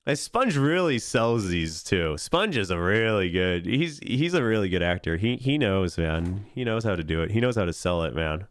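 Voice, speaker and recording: Male esports caster, casual stream reaction, lively pitch, laughs a lot, dry close mic. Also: normal speed, hardly any pauses, smooth, no room sound. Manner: laughing often, animated.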